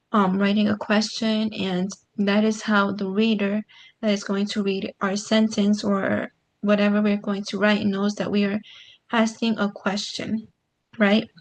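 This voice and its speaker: A woman teaching a grammar lesson online, explaining step by step in a patient way with frequent "um"s. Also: mid-range voice.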